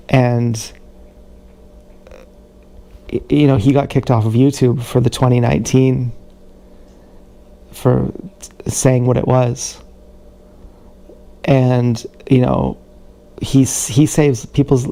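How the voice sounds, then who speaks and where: A man talking in a casual rambling monologue on a livestream, halting with many restarts and repeated words, recorded on an action camera mic. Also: medium pitch, vocal fry, mellow.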